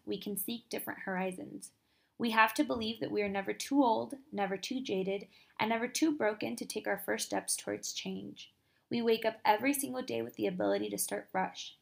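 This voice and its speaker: A young woman hosting a podcast, giving a casual, upbeat motivational talk full of quick asides and filler words. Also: mid-range voice, creaky. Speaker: podcast host.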